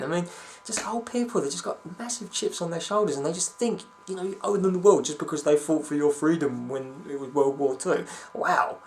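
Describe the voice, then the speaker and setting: A man's voice: on the high side, fairly quick, slight background noise. A young man ranting to camera at home in a rambling, sweary, sarcastic way. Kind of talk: casual ranting vlog.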